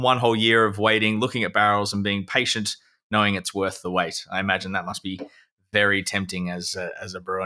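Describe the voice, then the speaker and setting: Male podcast co-host, bright tone, relaxed enthusiastic chat. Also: on the low side, smooth. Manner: relaxed, enthusiastic beer reviewing. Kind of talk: casual chat.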